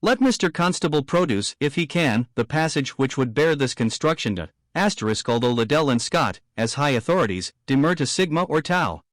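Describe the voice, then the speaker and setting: A man reading a theological book aloud in a steady, measured, formal way. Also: fairly high pitch, dry recording, clean studio sound. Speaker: audiobook reader.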